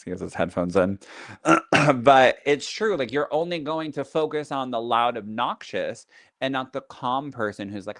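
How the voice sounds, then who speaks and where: Chatty lower-voiced man, dry close sound. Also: moderate pace, dry recording. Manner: chatty, many fillers, lively teaching tone. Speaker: psychic medium and spiritual teacher. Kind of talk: casual podcast chat.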